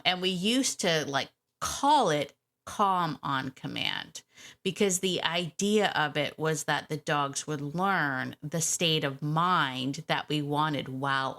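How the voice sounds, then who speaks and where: A woman hosting a dog-training podcast, chatty and animated, laughing often. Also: deep voice, slow pace. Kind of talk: casual podcast chat.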